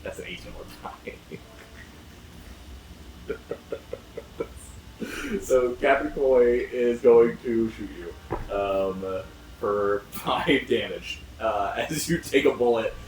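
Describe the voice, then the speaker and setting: A man's voice: mid-range voice, extremely slow, a little mellow. A man running a tabletop game as game master, talking casually, swearing and laughing often. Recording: roomy echo, distant mic, faint noise.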